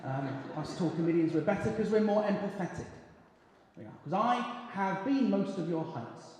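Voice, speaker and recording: A man's voice: sits high, expressive, moderate pace. A man in his late twenties from Bristol doing a self-deprecating stand-up set, hesitant and full of ums. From Bristol, England. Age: 20s. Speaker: stand-up comedian. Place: comedy club stage with live audience. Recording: echoey hall with crowd noise.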